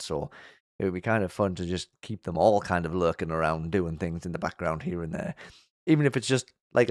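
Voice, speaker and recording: A man hosting a casual commentary vlog, chatty and upbeat, with lots of fillers and restarts, and his voice jumps high when he gets sincere. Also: no room sound, clean studio sound. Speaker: YouTube show host.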